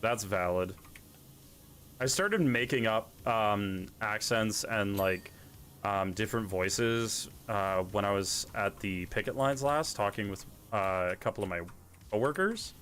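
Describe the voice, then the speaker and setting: A man's voice: fairly low pitch, measured pace, a bit bright, a little hiss or hum. A young man hosting a livestream, chatting casually and rambling with lots of ums and restarts. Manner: rambling, with many fillers and restarts. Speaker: livestream host. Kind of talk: casual chat during a game stream.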